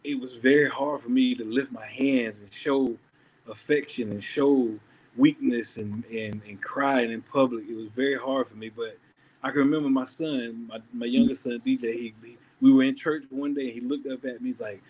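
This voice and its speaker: A man, a church member and father, sharing an earnest faith testimony in a conversation, often pausing and restarting. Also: medium pitch, fairly even intonation, a little mellow, a little hiss or hum.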